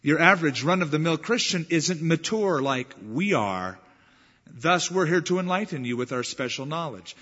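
A man's voice: fairly high pitch, expressive, normal speed, sharp tone. Preaching man in a reverberant sanctuary. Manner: earnest preaching with emphatic rises. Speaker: pastor. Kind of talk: sermon. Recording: dull, muffled 1990s church recording with long reverb.

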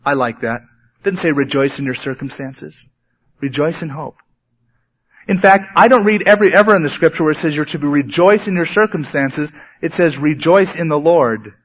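A man's voice: on the high side, moderate pace, breathy edge. Man preaching in a dull, lo-fi recording. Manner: conversational preaching, sometimes animated. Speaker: pastor. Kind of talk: sermon.

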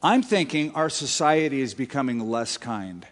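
A male pastor preaching a sermon, swinging between loud emphasis and quiet, drawn-out phrases. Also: mid-range voice, very animated. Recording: long hall reverb.

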